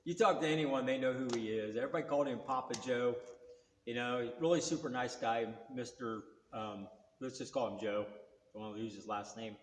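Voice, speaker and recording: A man's voice: medium pitch, fairly quick. Folksy man in his sixties, echoey room. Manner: rambling, folksy, plain-spoken. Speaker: car vlogger. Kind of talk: casual storytelling. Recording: roomy with long reverb.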